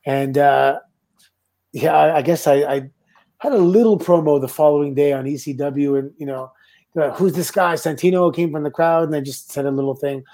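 A middle-aged Canadian man, a former wrestler, telling relaxed anecdotes with laughs as a guest. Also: on the high side, moderate pace. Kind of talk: casual storytelling.

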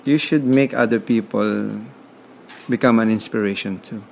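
A man's voice: fairly low pitch, moderate pace, vocal fry. A Filipino man with a Filipino accent, a podcast guest speaking in an emphatic, motivational way. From Philippines. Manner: emphatic, motivational, repeats words. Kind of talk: conversational interview.

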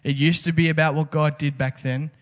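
A man's voice: fairly high pitch, fairly even intonation, fairly quick. A man preaching a casual, conversational sermon, full of rhetorical questions. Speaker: pastor.

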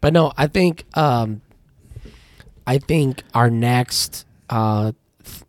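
A man swaps profane work stories on a casual podcast, ranting with plenty of swearing. His voice sits in a middle pitch. The sound is dry and close. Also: very slow, no room sound. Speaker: podcast co-host; tire shop worker.

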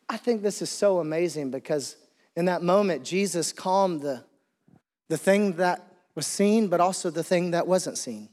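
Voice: medium pitch, moderate pace, darkish tone. A pastor preaching an earnest sermon, often repeating and restarting phrases for emphasis. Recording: long hall reverb.

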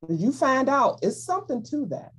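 Woman Bible teacher, lively pitch, slightly husky, informal and playful delivery. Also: normal speed. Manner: animated, playful, acts out voices in quotes.

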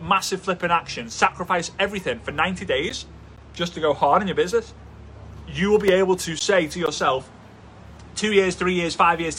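A man coaching a live audience, his voice bright and forceful and pitched a bit high. He talks with energy and drives each point home by repeating it. A faint room ambience sits behind him. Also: a little hiss or hum. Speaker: host, business coach. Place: indoors, traffic passing outside.

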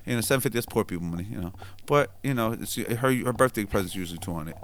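A man's voice: on the low side, fast, fairly bright tone, slight background noise. A man in his thirties co-hosting a casual chat, telling slangy stories and laughing through the punchlines. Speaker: podcast co-host.

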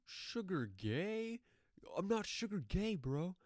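A man's voice: medium pitch, expressive, fairly quick, no room sound, clean studio sound, natural voice. A man doing a furious rock singer's rant. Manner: angry, shouted threats.

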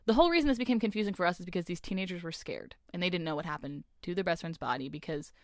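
A woman's voice: on the low side, rapid-fire, dry recording, clean studio sound. A young woman co-hosting a podcast, animatedly retelling a novel's plot in casual chat, swearing often and acting out the characters' lines. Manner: animated retelling with lots of swearing and quoted voices. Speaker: podcast co-host. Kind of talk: casual book-club chat.

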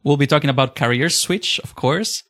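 A man with an Italian accent hosting a podcast interview, talking in an energetic, friendly way. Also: medium pitch, moderate pace. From Italy. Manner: energetic, scripted intro then chatty. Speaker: podcast host. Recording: loud music behind intro. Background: loud music.

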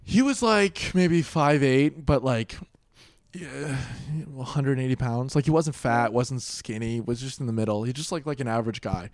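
A young man in his twenties telling wild party stories in casual chat, swearing a lot and acting out quotes loudly. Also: medium pitch, moderate pace, dry recording, studio quality.

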